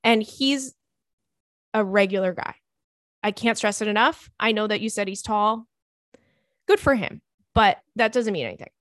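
A woman's voice: fairly high pitch, moderate pace, dry recording. Chatty, playful woman podcast host. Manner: animated, playful, chatty slang. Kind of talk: reading and reacting to listener email.

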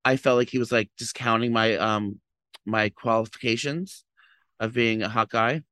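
A tired, groggy man rambles through a story, tripping over his words and restarting. His pitch sits in an ordinary middle range. The sound is dry and close. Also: steady tone, moderate pace, bright, forceful tone, no room sound. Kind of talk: casual chat.

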